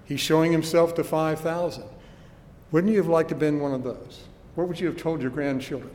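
A man's voice: on the high side, steady tone, a little fast, a little mellow, long reverb tail, a little hiss or hum. A man preaching a sermon with earnest emphasis and rhetorical questions, recorded in a church.

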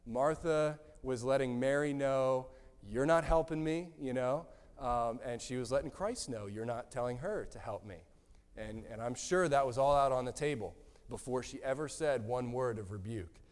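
A man preaching a sermon in an earnest, gently emphatic way, often repeating his words. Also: mid-range voice. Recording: long hall reverb.

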